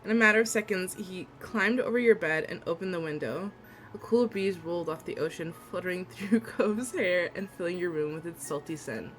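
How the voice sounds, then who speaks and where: A woman's voice: fairly low pitch, moderate pace. Giggly young woman reading a game aloud. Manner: gushing, giggly reactions between steady reading. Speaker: streamer. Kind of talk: reading a visual novel aloud while playing. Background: faint game music.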